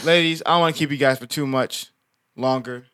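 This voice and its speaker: A man's voice: medium pitch, steady tone, a little fast, a bit bright, smooth. A man co-hosting a podcast in casual chat, steering it playfully and teasing. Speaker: podcast co-host.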